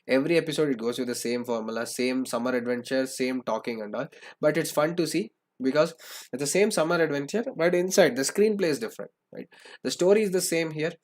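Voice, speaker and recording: A man's voice: fairly high pitch, fairly quick, a little mellow. A young man giving an online lesson, often asking "right?" and repeating his points. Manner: frequent "right?" tag questions, repeats phrases. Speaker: online English teacher. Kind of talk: lecture to students.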